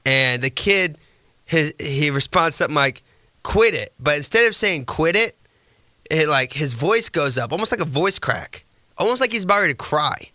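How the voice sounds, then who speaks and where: Bright, tense-voiced man hosting a podcast. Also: on the high side, animated, normal speed, no room sound, studio quality. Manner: sarcastic, mocking, rambling. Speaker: podcast host. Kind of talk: casual sports commentary.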